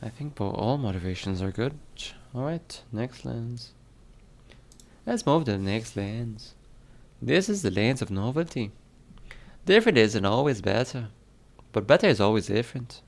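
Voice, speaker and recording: A man's voice: mid-range voice, big pitch swings, moderate pace. A man streaming casually as he works on his game, reading questions aloud and musing over the answers. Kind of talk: casual live-stream chat.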